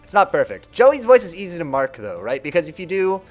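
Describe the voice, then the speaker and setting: A man's voice: a little high, sing-song, a little fast, soft background music. A man streaming a card video game, chatting casually and rambling about how people play. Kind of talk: casual gameplay commentary.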